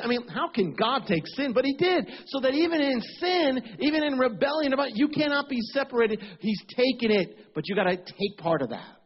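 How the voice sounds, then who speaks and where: A man's voice: extremely high pitch, husky, highs cut off. A man preaching a sermon with fervent, repetitive cadences, at times praying aloud in the first person.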